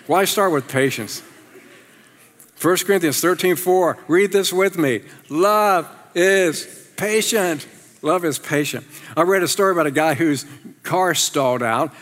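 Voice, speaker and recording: Middle-aged male pastor, fairly high voice, lively storytelling sermon, church hall with long reverb. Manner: animated, self-deprecating storytelling with laughs. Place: church sanctuary.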